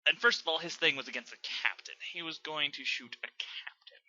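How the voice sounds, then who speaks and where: A man's voice: a little high, fairly quick, sharp tone, no echo, dull audio. A young man reading fanfiction aloud and then ranting about it, exasperated and sarcastic, swearing often. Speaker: channel host reviewing fanfiction. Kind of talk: dramatic reading and rant commentary.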